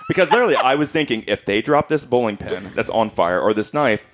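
Animated man telling a story. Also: mid-range voice, fast, a little hiss or hum. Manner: animated, laughs often, acts out quotes. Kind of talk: casual storytelling chat.

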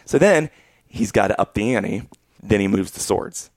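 A man's voice: lowish voice, moderate pace, no room sound. A man in his thirties telling a story in casual chat, acting out what people said. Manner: animated storyteller acting out quotes.

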